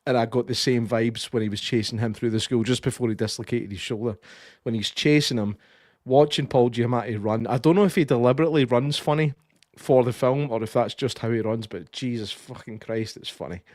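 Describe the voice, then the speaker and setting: A young Scottish man co-hosting a podcast, chatting casually about a film, sweary and animated, often slipping into impressions. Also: medium pitch, a little fast, no echo, clean studio sound. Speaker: podcast co-host. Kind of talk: casual film review chat.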